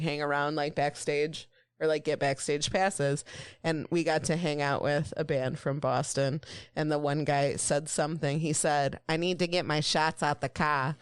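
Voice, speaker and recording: A woman co-hosting a podcast, talking in a relaxed, rambling way with lively bursts as she tells stories. Her voice sits fairly low and sounds smooth and resonant. It is recorded close and dry, with no room sound. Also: no room sound. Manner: rambling, animated storytelling. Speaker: podcast co-host. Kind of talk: casual chat.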